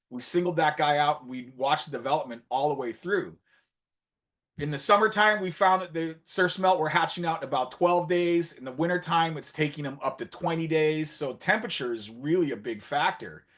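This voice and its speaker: A man, a marine biologist, telling an animated story during an online conference talk, acting out the dialogue as he goes. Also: fairly high pitch. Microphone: video call.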